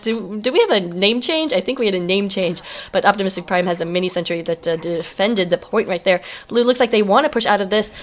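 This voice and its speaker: A young woman calls a competitive online match live, quick to get excited and quick to laugh at her own slips. She talks casually and drifts into chatty side remarks between plays. Her pitch sits in an ordinary middle range. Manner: chatty, excitable, self-deprecating asides. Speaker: esports caster. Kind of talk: live game commentary.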